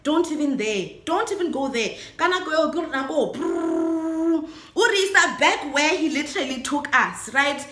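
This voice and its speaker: A young woman with a Botswana accent tells a story to her camera, her high, bright voice bouncing around an echoey room. She talks in a lively way, mixing English and Setswana and breaking into laughs. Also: normal speed. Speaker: vlogger. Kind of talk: storytime vlog.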